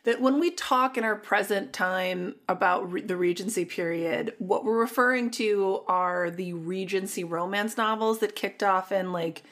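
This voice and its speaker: A woman's voice: mid-range voice, a little slow, hardly any pauses, a bit bright. Dry, wry woman podcast co-host. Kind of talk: casual podcast chat.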